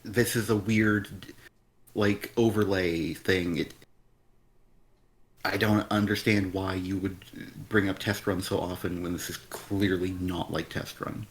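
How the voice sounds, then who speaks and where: A man with a fairly low voice picks apart a comic on a live stream. He talks casually but bluntly, and his exasperation spills over into profanity. His criticism comes across as sharp and unimpressed. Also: steady tone, unhurried. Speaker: comic review stream co-host.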